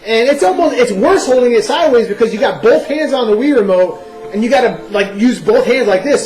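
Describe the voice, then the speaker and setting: High-voiced man ranting about a game. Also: brisk, music in the background, low-quality recording. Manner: animated, ranting, peppered with "you know" and "like". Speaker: video game vlogger. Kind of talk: casual first-impressions review.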